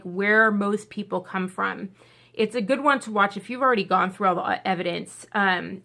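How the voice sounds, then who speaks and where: A woman's voice: mid-range voice, vocal fry, a bit bright. A woman talking casually to her camera, chatty and emotional, teary from crying, with many fillers and tangents. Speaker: video blogger.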